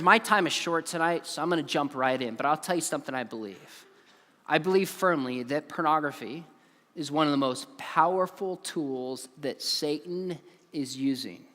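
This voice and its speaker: A man in his forties delivers an earnest, emphatic talk to a young audience and leans on stories. His voice sits high for a man. It carries a long, lingering reverb from a large hall. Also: pushed and bright. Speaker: conference speaker. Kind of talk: earnest conference talk to students.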